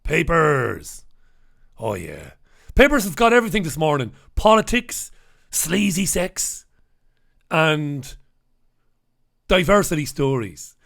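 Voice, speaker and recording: A man's voice: on the high side, huge pitch swings, unhurried, creaky, fairly bright tone. A middle-aged man, hosting a casual live-stream and chatting, joking and reading out viewers' names. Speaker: host.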